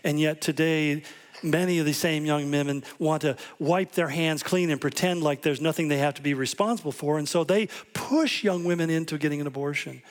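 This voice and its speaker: A man's voice: on the high side, brisk. A man preaching a sermon, telling stories and acting out quoted voices with animation. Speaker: pastor.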